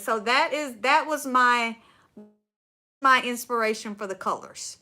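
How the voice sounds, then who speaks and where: A Southern US woman with a bright, fairly high voice hosts a furniture upcycling livestream, chatting casually at a measured pace. Folksy and rambling, she says "y'all" often and trails off and restarts sentences while she crafts.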